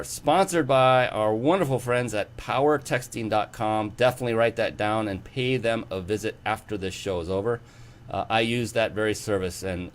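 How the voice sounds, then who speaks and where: A man hosting an interview show, talking enthusiastically and rambling with many fillers and restarts. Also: lowish voice. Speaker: show host. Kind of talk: casual interview chat.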